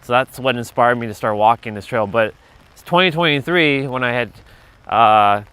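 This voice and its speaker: A man at an average pitch, out walking a trail in winter with his phone in hand. He chats loosely and swears freely as he tells stories to his livestream, laughing as he goes. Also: moderate pace, a bit bright, clean tone, no echo. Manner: loose, profane, chatty, laughs often. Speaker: vlogger livestreaming a walk. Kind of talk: casual rambling storytelling.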